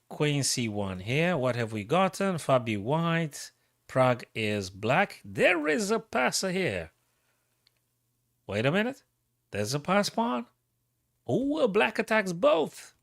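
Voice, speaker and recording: Excitable man calling chess moves live. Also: medium pitch, no room sound, clean studio sound. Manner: thinking aloud, excitable, repeats himself. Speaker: chess streamer.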